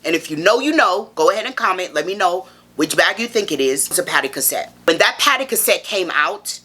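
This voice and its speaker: A woman's voice: lowish voice, lively intonation, brisk, pushed and bright, breathy edge. A woman fashion vlogger giving a casual review to camera, sassy and playful, calling the viewer baby.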